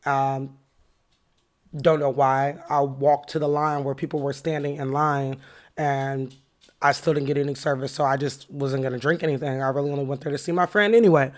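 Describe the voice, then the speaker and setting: A woman's voice: very deep voice, fairly even intonation, moderate pace. A woman hosting a podcast, candidly retelling a heated run-in and reflecting on what it taught her. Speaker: podcast host. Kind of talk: casual personal storytelling with a lesson.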